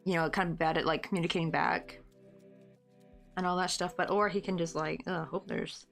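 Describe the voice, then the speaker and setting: A woman's voice: lowish voice, steady tone, brisk, gravelly, a bit bright, soft background music. A woman from the States with a Southern American accent, chatting casually on a live stream while she crochets, rambling and reading out chat comments. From United States.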